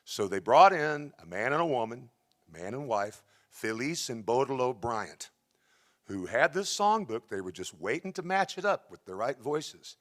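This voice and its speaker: Bright-voiced man telling music stories. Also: medium pitch, normal speed. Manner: chatty, folksy, tells music history with lively asides. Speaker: singer and host of a benefit concert. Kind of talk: storytelling patter between songs. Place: theatre stage.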